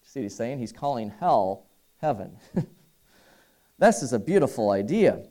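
A pastor preaching an earnest sermon and reading a story aloud with voices. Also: male voice, mid-range voice, sing-song, a little slow, mellow. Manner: earnest, reads dialogue aloud from a book.

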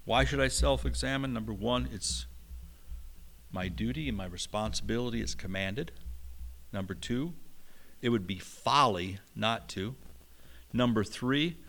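A middle-aged man preaching a sermon, slow and emphatic, with a touch of humor. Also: vocal fry, a little hiss or hum. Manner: slow, emphatic preaching with lively pitch swings. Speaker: pastor.

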